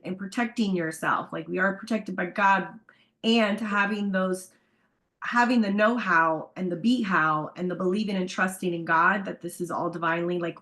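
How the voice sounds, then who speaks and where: A woman co-hosting a casual community talk, speaking in an animated, enthusiastic and emphatic way. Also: on the low side. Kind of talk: casual chat on a community call.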